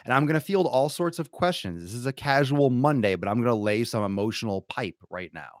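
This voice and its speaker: A man hosting a live fitness podcast, loud, crude and hyped like a showman. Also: medium pitch, animated, brisk, no echo, clean studio sound. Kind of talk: live-streamed casual podcast.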